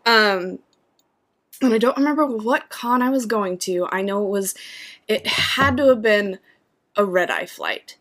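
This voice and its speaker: A woman with a mid-range voice and a measured pace co-hosts a casual chat. She's animated, laughing often as she tells stories and acts out her own reactions.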